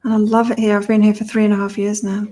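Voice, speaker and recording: A woman's voice: mid-range voice, monotone, fast talker, dark tone. A woman in her fifties with an accent halfway between British and Australian, chatting on a live stream while giving psychic readings to viewers. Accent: mix of British and Australian. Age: 50s. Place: home in southern Thailand.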